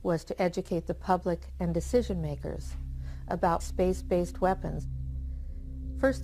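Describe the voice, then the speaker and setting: A woman in an interview, recounting events deliberately. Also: on the low side, gravelly, dark tone, low-quality recording.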